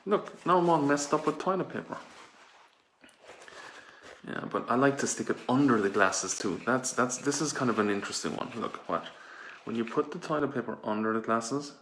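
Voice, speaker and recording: Here a man with a fairly low, slightly bright, natural voice hams it up as a vain toilet paper fashion persona in a campy improvised sketch at home. He gushes breathlessly over his look, and the echoey indoor recording has a little hiss or hum.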